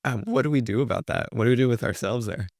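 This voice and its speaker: A man's voice: medium pitch, fast talker, darkish tone, no echo, studio quality. A man hosting a podcast who asks his questions hesitantly, searching for words with many fillers. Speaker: podcast host. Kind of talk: interview questions.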